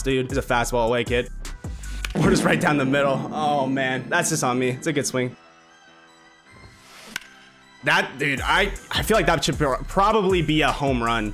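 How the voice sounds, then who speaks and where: A man giving casual, excitable commentary as he plays a baseball video game, swearing and trash-talking his own players. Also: medium pitch. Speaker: gaming video creator. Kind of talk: casual live gameplay commentary.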